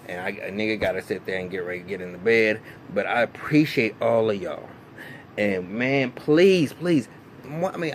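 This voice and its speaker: A man, recapping a TV episode in a casual, animated, profane way full of fillers and restarts. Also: fairly low pitch, slight background noise. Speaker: TV recap vlogger.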